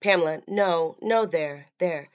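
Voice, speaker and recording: Mujer interpretando a una madre afligida y asesina, hablar suave, voz grave, sonido seco. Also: female voice, fairly low pitch, a little slow, no room sound, muffled recording, natural voice. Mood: soothing. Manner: soft, soothing, quietly menacing. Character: grieving middle-aged mother turned vengeful killer.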